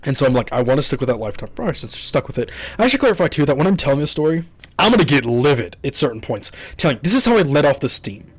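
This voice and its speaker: A man with a voice of ordinary pitch rants to his viewers in a loose, rambling way. He is exasperated and swears freely. He often restarts his sentences as the story runs on. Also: sing-song, quick pace, husky, dry recording. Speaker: YouTuber. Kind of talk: casual storytelling rant.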